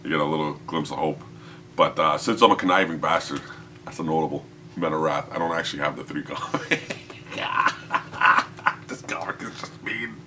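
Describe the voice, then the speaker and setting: A man's voice: very deep voice, normal speed, pauses often, sharp tone. A man hosting a casual comics podcast, talking in a rambling, profane way and laughing often. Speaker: podcast host.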